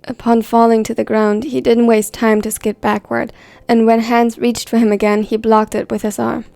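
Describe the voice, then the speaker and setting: A woman reading a story aloud in a steady, even scripted narration. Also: fairly high pitch, normal speed, vocal fry, no echo. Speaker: fan fiction reader.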